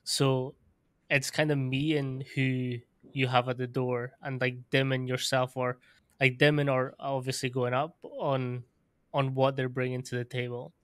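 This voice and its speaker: A man's voice: medium pitch, flat delivery, a little slow, smooth, dry recording, studio quality. A man hosting a podcast, speaking casually with lots of fillers and the odd swear word. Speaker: podcast host. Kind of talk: casual conversational interview.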